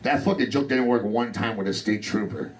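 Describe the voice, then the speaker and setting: A man's voice: lowish voice, animated, brisk. A young man doing a crude, brash stand-up set on a comedy club stage.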